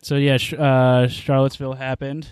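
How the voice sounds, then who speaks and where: A man's voice: mid-range voice, little pitch movement, normal speed, a little mellow, clean tone, dry recording. Laid-back man chatting on a podcast. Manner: laid-back, rambling, laughs often. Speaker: podcast host. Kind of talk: casual podcast chat.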